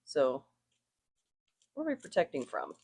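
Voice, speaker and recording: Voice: mid-range voice, huge pitch swings, measured pace, vocal fry, a little mellow, slightly rough, dry recording. Chatty, meandering tarot reader, dry sound. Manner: meandering, thinks aloud, self-correcting, chuckles often. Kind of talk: casual spoken reading to viewers.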